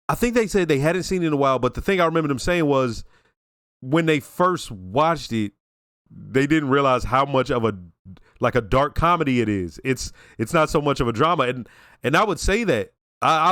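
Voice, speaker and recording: Man reviewer, slangy casual commentary, a bit higher voice, dry close sound. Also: dry recording. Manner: casual slangy talk, reflective and animated. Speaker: show reaction reviewer.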